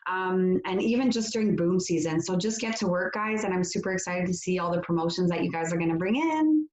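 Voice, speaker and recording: A woman's voice: fairly low pitch, lively intonation, brisk, darkish tone. A French-speaking woman, a guest on a live-stream interview, who talks casually and upbeat with many fillers. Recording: roomy, dull lo-fi audio.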